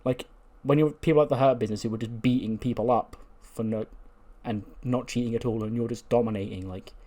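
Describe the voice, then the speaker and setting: A man's voice: mid-range voice, fairly even intonation, fairly quick, dark tone. A man casually narrating a wrestling sim game, rambling with frequent fillers and the odd swear. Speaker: gaming video host. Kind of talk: casual let's play commentary.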